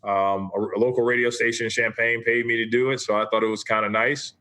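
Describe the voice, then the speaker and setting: Bright-voiced man telling his story on a podcast. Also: medium pitch, level tone, fast talker. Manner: easygoing, tags points with "right?". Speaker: podcast guest, former basketball player. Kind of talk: casual interview storytelling.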